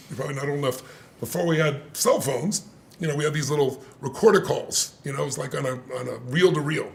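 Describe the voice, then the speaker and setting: Older man, gravelly, higher-pitched voice, animated storyteller, interview guest. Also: a little hiss or hum. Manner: animated, acts out quoted voices, laughs often. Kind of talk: conversational storytelling.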